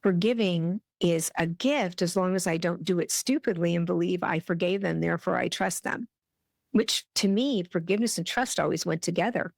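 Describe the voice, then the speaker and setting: A woman's voice: fairly low pitch, moderate pace, creaky, darkish tone, dry recording, clean studio sound. A middle-aged woman hosting a podcast, giving an earnest, heartfelt spiritual self-help talk. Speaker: podcast host.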